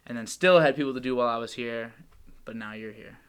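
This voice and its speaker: A young man hosting a casual podcast chat, animated and joking as he tells stories. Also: medium pitch, fast, clear, resonant tone. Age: young adult. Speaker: podcast host.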